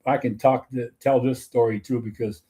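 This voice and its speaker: An older man hosts a relaxed chat and tells stories from years of umpiring. He is chatty and laughs along with his own punchlines, in a middle-pitched voice. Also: moderate pace. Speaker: host, former softball umpire. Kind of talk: casual storytelling chat.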